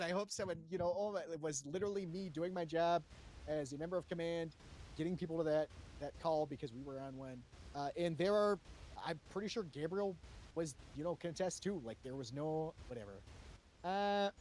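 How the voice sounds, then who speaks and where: Testifying before a panel, a roleplay player rambles through what happened, swearing freely and padding his account with fillers and restarts. His voice is fairly high with a darkish tone, and a little hiss or hum runs under the recording.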